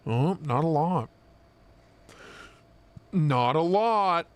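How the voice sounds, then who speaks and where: A young man co-hosting a live stream, chatting casually and swearing as he jokes and gets excited. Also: a little high, drawn-out words. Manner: excited, profane, joking. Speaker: knife show co-host.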